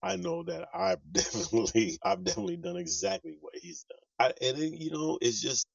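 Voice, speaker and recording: A man gives casual commentary to his viewers, his voice full of gravelly fry and rising a little high. He sounds reflective and direct. The mic sits away from him and sounds muffled, with no room echo. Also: lively intonation, brisk. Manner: reflective, talks straight to viewers. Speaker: vlogger reacting to clips. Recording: dull, distant mic in a dry room.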